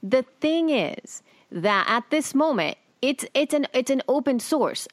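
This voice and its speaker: A woman's voice: high-pitched, sing-song, a little slow, dry recording. A woman co-hosting a podcast, reading listener mail and chatting with hesitant restarts. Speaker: podcast co-host. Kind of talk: casual chat.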